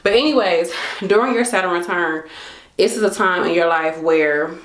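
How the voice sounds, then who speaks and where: A woman's voice: lowish voice, moderate pace, roomy sound. A woman in her late twenties talking casually to camera, chatty and slangy, acting out her own thoughts. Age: late 20s. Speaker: vlogger.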